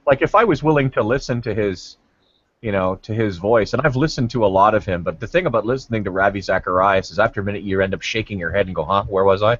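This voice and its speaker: A low-voiced man hosting a casual debate hangout, full of crude jokes and rambling asides. The sound is dry and dull, like lo-fi call audio. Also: fast talker, no room sound. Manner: crude joking banter, rambling. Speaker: hangout host. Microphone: video call.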